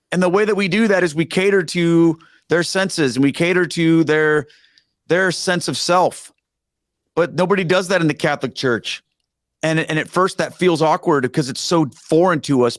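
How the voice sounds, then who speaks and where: A man's voice: on the high side, moderate pace, no room sound. Earnest, emphatic middle-aged man, dry sound. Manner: earnest and emphatic, with animated asides. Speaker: guest, former pastor. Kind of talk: conversational storytelling.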